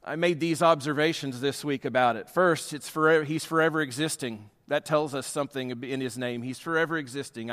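A man's voice: fairly high pitch, a little fast, hardly any pauses, fairly bright tone, long reverb tail. A man preaching a sermon as a pastor, emphatic, with his delivery rising and falling in force.

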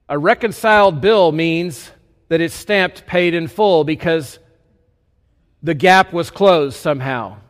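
A man, a pastor, preaching a sermon in an animated, conversational way with folksy asides. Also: fairly high pitch, long reverb tail.

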